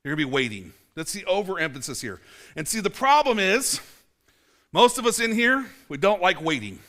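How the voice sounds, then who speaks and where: Bright-voiced pastor in his forties. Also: sits high, very animated, fairly quick. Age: 40s. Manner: casual, chatty, many fillers and restarts, dry self-mocking asides. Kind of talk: conversational sermon. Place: church.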